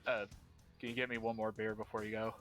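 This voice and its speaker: A man's voice: on the low side, level tone, fast, fairly bright tone, faint music behind. A man playing a tabletop game, speaking in character in an easygoing, hesitant way. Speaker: player.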